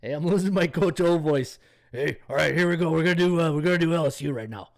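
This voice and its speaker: A man doing an impression of a gruff older male football coach, loud and brash. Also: on the high side, fast talker. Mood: boisterous. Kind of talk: impression during live stream.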